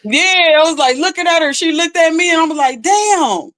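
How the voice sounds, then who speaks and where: With a very high voice and a fairly quick pace, a woman rapper relays a story as a podcast guest. Her telling is casual and animated, full of acted-out quotes and the word "like."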